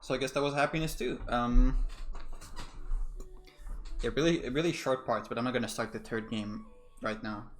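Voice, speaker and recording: A man's voice: medium pitch, fairly even intonation, moderate pace, pauses often, faint music behind. A man streaming a visual novel, commenting casually as he plays, rambling and swearing with many fillers. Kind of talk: casual let's-play commentary.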